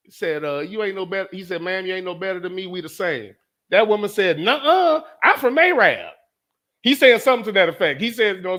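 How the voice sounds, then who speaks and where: A man hosting his own show, telling a story in a casual, animated way, swearing often and repeating lines for emphasis. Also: sits high. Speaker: podcast host.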